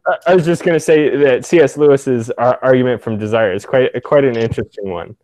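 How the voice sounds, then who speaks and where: A man hosting a casual conversation over a video call, hesitant, with halting restarts. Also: mid-range voice, darkish tone. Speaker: host.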